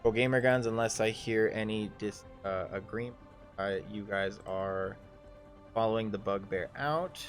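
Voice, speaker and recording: A man narrating a live tabletop game as game master, halting often with ums and restarts. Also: fairly low pitch, soft background music.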